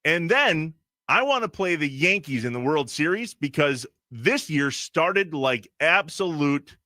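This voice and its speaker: A man co-hosting a sports radio show, ranting in quick bursts in a casual talk style. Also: fairly high pitch, expressive, pushed and bright, dry recording, clean studio sound. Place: radio studio. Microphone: studio microphone.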